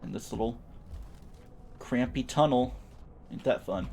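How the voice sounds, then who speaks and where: In this gameplay commentary, a young man chats playfully and throws in silly sound words. His voice is medium-pitched, unhurried and a little mellow, with vocal fry and slight background noise.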